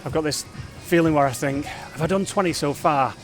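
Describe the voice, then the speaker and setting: A man talking casually to camera in a fitness vlog, energetic and rambling, reflecting openly on his days. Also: fairly high pitch, fairly quick, soft background music. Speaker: fitness vlogger.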